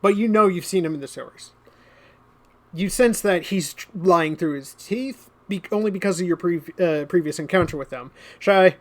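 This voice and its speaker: A game master narrating a tabletop game in a relaxed way, often breaking into laughter. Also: mid-range voice, normal speed.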